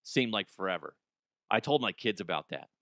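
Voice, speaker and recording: A man's voice: lowish voice, big pitch swings, normal speed, fairly bright tone, no echo. Forties guy ranting and joking, curses a lot, very dry sound, no room at all. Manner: profane, rambling, laughs at own jokes. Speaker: comedy podcast host. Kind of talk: casual comedic monologue.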